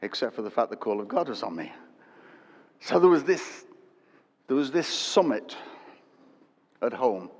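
An older man preaching a sermon, telling a story animatedly and swinging from loud to hushed. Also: medium pitch, big pitch swings, a little slow, pauses often. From England. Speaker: pastor. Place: church hall. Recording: dull echoey church hall recording.

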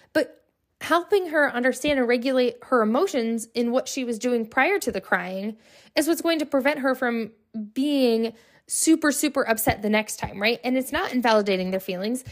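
A woman's voice: fairly high pitch, normal speed. A young adult woman hosting her own podcast, talking casually and often tagging her sentences with "right?" and "like". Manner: chatty, lots of "right?" and "like" fillers. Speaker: podcast host. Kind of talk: casual solo podcast talk.

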